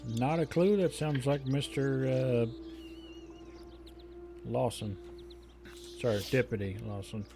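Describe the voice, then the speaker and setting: A man's voice: medium pitch, mellow, faint music behind. A man chatting in character in a western roleplay game, dry and amused. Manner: dry, amused, quick to laugh. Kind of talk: in-character chat.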